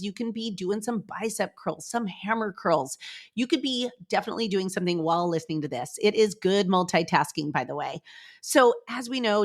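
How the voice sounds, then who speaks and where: Upbeat chatty woman podcast host. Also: medium pitch. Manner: upbeat, chatty, animated, addresses listeners directly. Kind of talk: motivational solo podcast. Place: her office.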